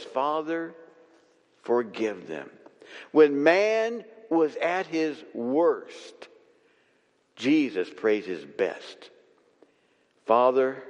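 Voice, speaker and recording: Slow, lively-voiced preacher in a reverberant church. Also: male voice, on the high side, lo-fi sound. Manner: slow, emphatic preaching with long pauses and repeated refrains. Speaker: pastor. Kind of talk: sermon. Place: church sanctuary. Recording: long reverb of a church hall.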